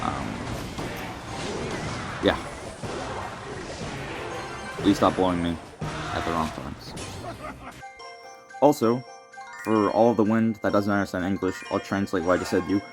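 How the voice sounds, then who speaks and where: A man's voice: low voice, a little slow, long pauses. A young man, delivering a rambling, mock-serious comedic rant full of fillers. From Canada. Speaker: vlogger. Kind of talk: comedic rant addressed to the wind. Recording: music playing under the voice.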